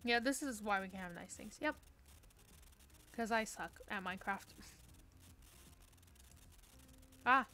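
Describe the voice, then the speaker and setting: A woman's voice: medium pitch, slow, pauses often, sharp tone, a little hiss or hum. A young woman streaming a game from her room, chatting casually with playful, self-mocking trash talk. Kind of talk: casual live-stream chat while gaming.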